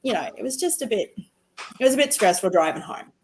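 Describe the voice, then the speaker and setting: A woman's voice: fairly high pitch, fast talker, background noise. A young Australian woman from Queensland, co-hosting a casual craft chat and telling stories with lots of laughter. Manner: animated storytelling, laughs often. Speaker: co-host.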